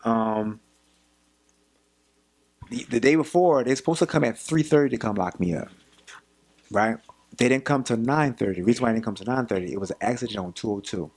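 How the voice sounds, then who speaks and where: Young adult man from Philadelphia, podcast guest; animated storyteller who jumps into the voices of the people he quotes, middle pitch. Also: fairly quick, pauses often. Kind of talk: casual storytelling.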